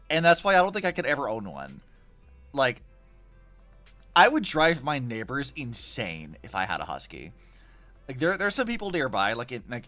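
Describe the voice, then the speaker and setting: A young man commenting casually on a game he is playing, chatty and animated with lots of fillers. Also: medium pitch. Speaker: streamer.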